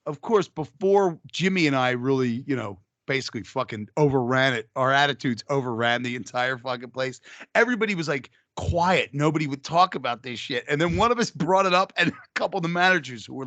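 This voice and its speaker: Guy cohosting a podcast, bright voice, all over the place pitch-wise, swears a lot, dry room. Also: expressive, brisk, no echo. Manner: crude, laughs hard at own stories. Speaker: podcast co-host. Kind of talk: casual storytelling chat.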